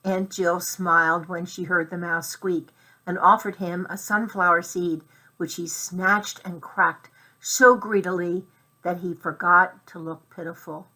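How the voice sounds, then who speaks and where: A woman narrates a children's chapter book aloud. She reads slowly and clearly, with a bright tone. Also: fairly low pitch, fairly even intonation. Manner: slow, clear storytelling.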